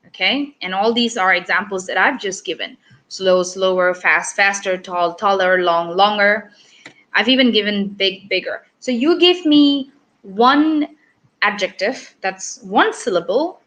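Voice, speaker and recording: A woman's voice: mid-range voice, fairly bright tone, rough recording. A woman with a Malaysian English accent teaching an online English lesson for children, upbeat and encouraging as she reads out comments.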